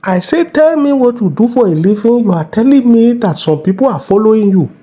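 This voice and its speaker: A man's voice: high voice, lively intonation, brisk, warm tone. A man with a Nigerian accent playing a bossy, mocking middle-aged police officer in a comedy skit. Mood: scolding. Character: bullying middle-aged male traffic cop.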